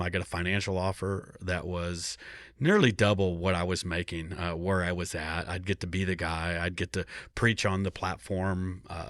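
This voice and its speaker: A man's voice: sits low, fairly bright tone, dry recording, studio quality. A man, a pastor and podcast host, telling a personal story in an earnest way, often repeating words and restarting, and acting out the voices of people he quotes. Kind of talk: personal story told to listeners.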